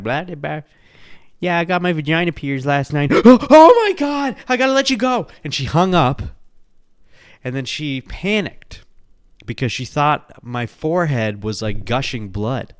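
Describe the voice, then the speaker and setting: A man from the Bronx spins a childhood story on his podcast with loose, profane energy, breaking into laughter. His voice is smooth and resonant at a middling pitch. The sound is close and dry, with no room around it. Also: no room sound. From the Bronx, New York. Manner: animated, profane, laughing at his own stories. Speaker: podcast host. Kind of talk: casual storytelling.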